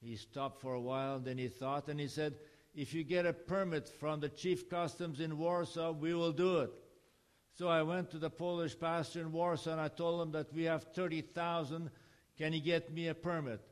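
A man's voice: fairly high pitch, flat delivery, moderate pace. An older man from Canada, a missionary speaker giving a personal testimony over photo slides and acting out the dialogue as he tells it. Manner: plain storytelling with acted-out dialogue.

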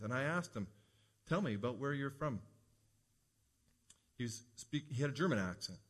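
A man preaching a sermon as pastor, earnest and rising to emphatic peaks. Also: mid-range voice.

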